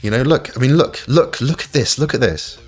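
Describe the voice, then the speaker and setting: Excitable man walking through charts. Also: mid-range voice, brisk. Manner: excitable, repeats 'look', laughs often. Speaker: trading stream host. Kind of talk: live-streamed chart walkthrough. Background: faint backing music.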